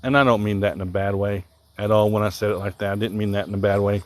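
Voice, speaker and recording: A man with a mild Southern accent talks in a low, easygoing voice and rambles casually while he fishes. He thinks aloud and answers viewers on a live stream outdoors. Crickets chirp faintly in the background. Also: steady tone, fast talker, no echo. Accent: Southern American. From Southern Illinois. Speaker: livestreaming angler. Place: outdoors by the water.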